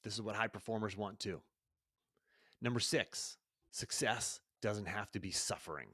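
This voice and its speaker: A man's voice: fairly low pitch, moderate pace, pushed and bright, husky, no echo, studio quality. A middle-aged man hosting his own podcast, talking energetically and conversationally, often tossing in rhetorical questions. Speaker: podcast host and coach. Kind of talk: solo podcast monologue.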